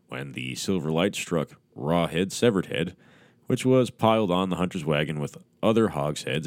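A man's voice: low voice, dry recording, studio quality. A man hosting a podcast, reading a horror story aloud with crude, mocking asides. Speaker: podcast host.

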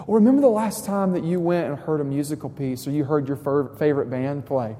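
A young pastor delivers a conversational sermon in a slightly high voice that rings through a church sanctuary, with a long reverb trailing his words. He speaks briskly and swings from soft, quiet asides to rising emphasis, over slight background noise.

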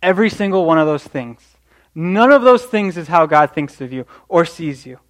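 A young man delivers a sermon with earnest encouragement. His voice sits a little high for a man, and he often stumbles and restarts his phrases as he talks. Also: lively intonation, moderate pace. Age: young adult. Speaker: preacher.

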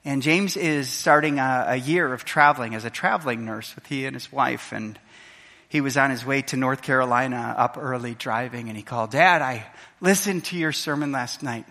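A man's voice: mid-range voice, moderate pace, sharp tone. A middle-aged man preaching a sermon as pastor, telling a personal story with emotion and acting out the voices of others. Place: church sanctuary. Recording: reverberant church hall.

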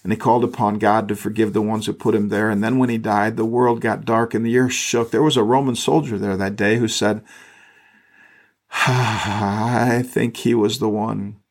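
A man reading Bible passages aloud and pausing to reflect on them in a conversational preaching style, sometimes repeating words as he goes. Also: on the low side, steady tone. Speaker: pastor. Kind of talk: scripture reading with sermon commentary. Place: podcast recording.

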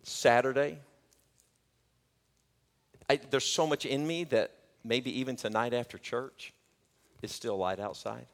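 A male pastor preaching a sermon, swinging from shouted peaks to joking, chatty asides. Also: medium pitch, unhurried, creaky, pauses often. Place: church sanctuary. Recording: long church hall reverb.

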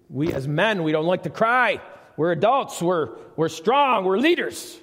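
His pitch high and his tone fairly bright, a middle-aged man preaches slowly and expressively to his church, asking the congregation questions in a conversational style. It's a live sanctuary recording with long reverb.

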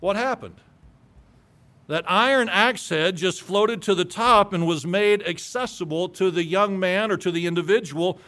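A man's voice: high voice, a little slow, sharp tone. A man preaching a sermon, reading scripture aloud and retelling it with emphatic storytelling.

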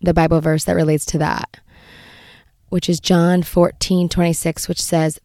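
A young woman speaks as a mother in an earnest, halting way, often repeating words as she gathers her thoughts. Her voice sits low and carries a gravelly fry. The sound is dry and close, with no room around it. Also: flat delivery, dark tone, no echo. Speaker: mother sharing faith reflections. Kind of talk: personal faith reflection with scripture reading.

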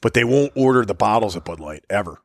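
A man's voice: lowish voice, lively intonation, quick pace, no echo, clean studio sound. A man co-hosting a casual podcast, telling stories, swearing freely and riffing on the topic. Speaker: podcast co-host. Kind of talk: casual chat.

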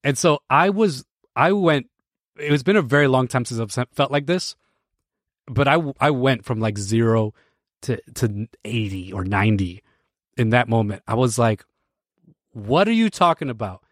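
American male host, late 30s, storytelling, animated, dry close sound. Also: mid-range voice, moderate pace, dry recording. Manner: animated, restarts often, laughs while telling a story. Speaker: podcast host. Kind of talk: casual storytelling to a live stream audience.

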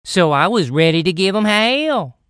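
A woman telling a folksy comic tall tale in a drawn-out, dramatic way. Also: medium pitch, sing-song, dry recording, studio quality. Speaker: comic storyteller. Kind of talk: folksy comedic storytelling.

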